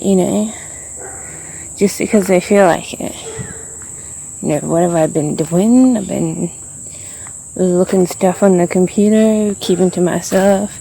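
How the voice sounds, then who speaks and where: A woman's voice: medium pitch, fairly even intonation, slow pace, creaky, long pauses, mellow, a little hiss or hum. Woman venting while walking. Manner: rambling, frustrated, many fillers. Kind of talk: venting vlog monologue. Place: outdoors, walking around.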